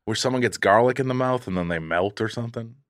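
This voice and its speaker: A man with a Boston accent, co-hosting a podcast, telling stories in a halting, rambling way full of restarts. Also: medium pitch, no echo, clean studio sound. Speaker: podcast co-host. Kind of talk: casual comedic chat.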